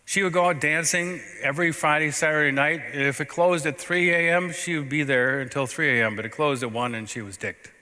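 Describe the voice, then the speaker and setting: In a church sanctuary with long, ringing reverb, a male pastor preaches a story-driven sermon in a bright, forceful, clean-toned voice pitched on the high side. He speaks conversationally and briskly with hardly any pauses, his intonation fairly even, yet he swings from loud outbursts to near-hushed asides.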